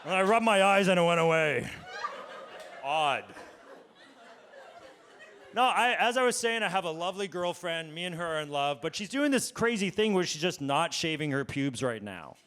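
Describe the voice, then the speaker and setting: A male stand-up comedian talking casually on a comedy club stage with deadpan asides. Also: high voice, moderate pace.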